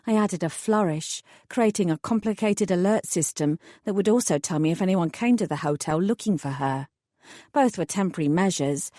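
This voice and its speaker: A woman reading a first-person fantasy audiobook in a wry, measured storytelling manner. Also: fairly low pitch, mellow, dry recording, studio quality. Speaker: audiobook narrator.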